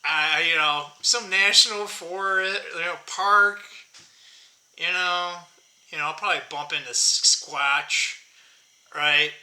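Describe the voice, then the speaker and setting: In a reverberant space, a man in his early fifties addresses his viewers in a fairly high, sharp voice at a slow pace. He's a channel host whose casual chat wanders, with jokes at himself and plenty of laughing.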